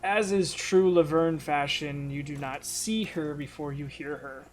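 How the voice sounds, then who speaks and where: A man's voice: on the high side, measured pace, soft background music. Casual man running a tabletop game. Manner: casual, rambling, swears freely. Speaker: game master.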